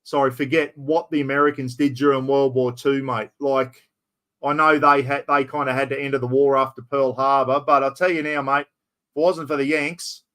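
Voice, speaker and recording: A man's voice: mid-range voice, little pitch movement, normal speed, a bit bright. A middle-aged Australian man in casual chat, rambling and saying "mate" constantly.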